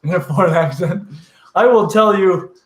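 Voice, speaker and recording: A man's voice: sits high, normal speed, a bit bright. Playful man in a roomy echo. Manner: playful, acts out animal voices. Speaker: host. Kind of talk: casual livestream chat.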